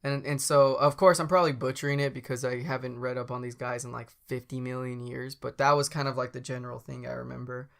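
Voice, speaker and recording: A man's voice: mid-range voice, level tone, fast, creaky, few pauses. A man co-hosting a podcast in casual chat, rambling with lots of fillers and restarts. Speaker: podcast co-host.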